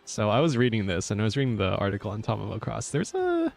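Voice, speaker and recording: A man's voice: on the low side, huge pitch swings, fast, gravelly, darkish tone, soft background music. A male VTuber chatting casually while streaming a game, rambling with lots of fillers and easy laughs. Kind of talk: casual gaming stream chat.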